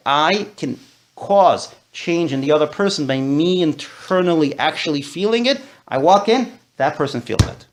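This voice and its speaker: A man leads a lively class, with speech that rushes along and a slightly gravelly edge. His pitch sits a bit high and swings widely as he works through his points, and he drops Yiddish and Hebrew words in as he goes. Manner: animated, quick talker with Yiddish and Hebrew terms. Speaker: Torah teacher. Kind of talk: discussion-style class.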